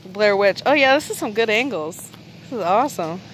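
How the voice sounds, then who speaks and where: A woman's voice: mid-range voice, fairly quick, slight background noise. A woman chatting on a live stream from inside a car on a rainy night, joking, swearing and laughing a lot into her phone. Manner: excitable, jokey, swears, laughs often. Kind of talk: casual live-stream chat. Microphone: phone held in hand.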